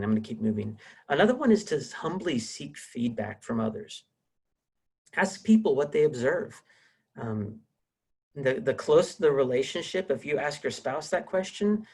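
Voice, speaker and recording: A man with a husky, slightly breathy voice, teaching in a relaxed sermon style. He wanders through personal stories, restarting phrases and dropping in fillers as he goes. His pitch sits in an ordinary middle range.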